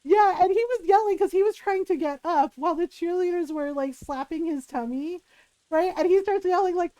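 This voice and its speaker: A woman streamer casually telling a story to her live chat, animated and laughing often, checking in with "right?". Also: very high-pitched, moderate pace, no room sound, rough recording.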